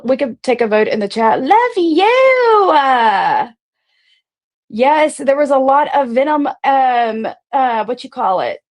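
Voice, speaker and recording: A woman hosting a live stream in a loose, rambling way, swearing often and greeting her viewers one by one. Her voice sits at an ordinary middle pitch. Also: darkish tone. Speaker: livestream host. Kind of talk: casual live-stream chat.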